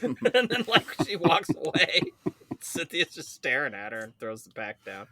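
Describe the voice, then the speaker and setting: A man's voice: fairly high pitch, very animated, a little slow, noisy background. A man in his thirties, co-hosting a casual podcast, telling a story with a lot of laughing and swearing. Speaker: podcast co-host.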